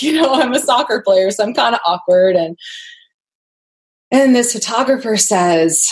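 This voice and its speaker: A woman's voice: fairly high pitch, expressive, moderate pace. A young adult woman as a podcast guest, candidly telling a personal story, earnest and laughing often.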